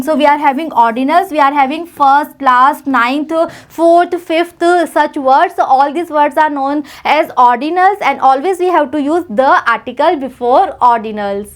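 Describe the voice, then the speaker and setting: High-voiced Indian woman teaching grammar. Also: unhurried, few pauses. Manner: explains in English mixed with Hindi, repeats "right?" and "you know". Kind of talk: grammar lesson.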